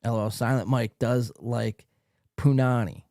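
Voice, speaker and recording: A male podcast host giving loud, profane, mocking commentary on a live stream, laughing often, tired late at night. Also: mid-range voice, a little slow, dry recording, studio quality.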